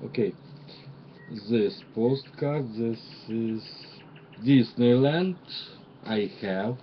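A man unboxing gifts in a halting show-and-tell, pausing often with "uh" between short phrases. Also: fairly low pitch, lo-fi sound, a little hiss or hum. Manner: halting, pauses with many "uh" fillers while naming items. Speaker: crafter showing gifts.

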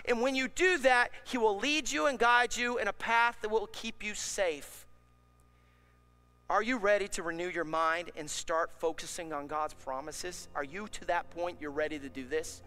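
A man preaching a sermon as pastor, impassioned, building up to shouts. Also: high-pitched, normal speed, clear, resonant tone.

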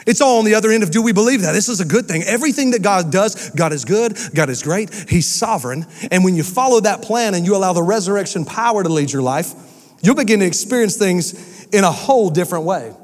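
Pastor, male, high voice, lively storytelling sermon delivery, church hall with long reverb. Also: quick pace. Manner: energetic storytelling preacher. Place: church sanctuary.

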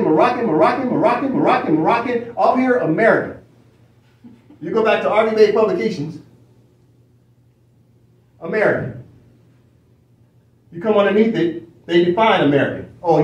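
A high-voiced man lecturing as he reads from a screen. He presses his points with repeated phrases and rhetorical questions. He sounds a little off mic in an echoey room. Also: darkish tone, far from the mic. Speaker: study session teacher. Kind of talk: lecturing while reading from a screen.

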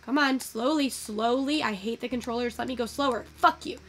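A young woman giving casual, excitable commentary while taking in-game photos, swearing freely and gushing over what she sees. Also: fairly high pitch, fairly quick. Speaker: virtual photography creator.

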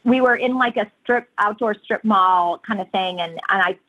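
A woman entrepreneur telling personal stories in a casual interview, earnest and animated, with frequent fillers. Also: medium pitch, normal speed, dull audio. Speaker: guest entrepreneur.

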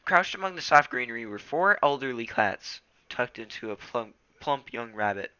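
A man's voice: mid-range voice, lively intonation, normal speed, sharp tone, clean tone, no room sound, highs cut off. A teenage boy reading a novel aloud casually, stumbling and correcting himself. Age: teens. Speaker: reader.

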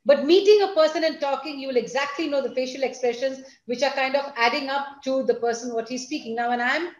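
A woman school principal, giving an online lecture to students and parents in an expressive, teacherly manner. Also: high-pitched, fast talker, roomy sound, lo-fi sound. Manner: expressive, teacherly, addresses listeners directly.

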